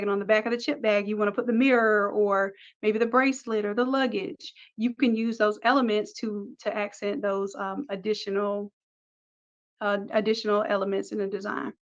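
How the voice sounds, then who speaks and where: A woman teaching a design software tutorial, upbeat, talking through each click step by step. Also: medium pitch, highs cut off. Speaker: design instructor. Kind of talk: screen-recorded software tutorial.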